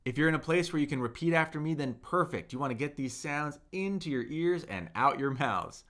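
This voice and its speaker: Animated man teaching Mandarin live. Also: fairly high pitch. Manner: slow, drawn-out modeling of words for repetition; chatty, reads viewer comments aloud. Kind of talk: livestreamed language lesson.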